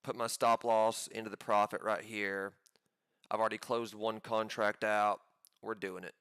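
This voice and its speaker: A man giving live commentary on his own trades, pumped up and talking in quick excited bursts. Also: lowish voice, clean tone, no room sound, studio quality. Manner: hyped, pumped-up chatter with sudden bursts.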